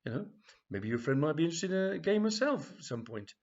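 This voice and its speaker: A man putting on a polite, accommodating receptionist lady with a raised, husky voice. She answers obligingly and lightly. The sound is dull and lo-fi. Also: fairly high pitch, big pitch swings, fast talker, a little mellow, pitched above the performer's own voice. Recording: dull, lo-fi home recording.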